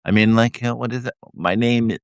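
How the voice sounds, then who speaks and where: A retired man in his sixties from Canada, rambling through casual self-deprecating chat on his live stream with a handheld mic, blunt and quick to laugh. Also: medium pitch, vocal fry, clear, resonant tone, no room sound, dull audio. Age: 60s. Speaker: host of a live video stream. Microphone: handheld microphone.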